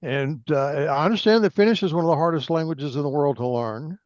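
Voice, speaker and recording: A man's voice: a little high, fast talker, a little mellow, no echo. A man talks over an online call. His voice comes through dull and dry, with no room sound. He asks questions, then wanders into long, meandering stories. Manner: rambling, tangential storyteller. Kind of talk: casual conversation on a call.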